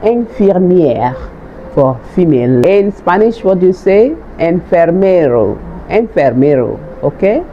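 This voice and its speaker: A woman hosting an online course, teaching vocabulary patiently and repeating each word slowly for viewers. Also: lowish voice, big pitch swings. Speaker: language and health course host. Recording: dull lo-fi sound with faint noise.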